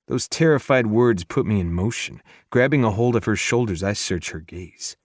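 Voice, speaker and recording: Low, earnest male audiobook narrator. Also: lively intonation, normal speed, hardly any pauses, no echo, clean studio sound. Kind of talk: first-person romance narration.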